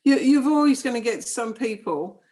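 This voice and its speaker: Frank New Zealand woman, higher voice. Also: expressive, moderate pace, darkish tone. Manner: frank, firm and matter-of-fact. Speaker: psychic medium guest. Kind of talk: casual interview chat.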